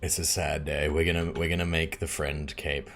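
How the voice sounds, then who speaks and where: A man's voice: rumbling low, moderate pace. A man with an Australian accent, chatting casually and laughing often while he streams a game. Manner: chatty and relaxed, laughs often, many fillers. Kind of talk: casual live-stream chat while playing.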